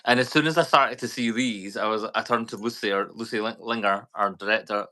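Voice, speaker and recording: Scottish man, podcast co-host, bright forceful tone, rambling, casual. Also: fairly low pitch, a little fast. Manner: rambling, animated storyteller. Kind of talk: casual chat.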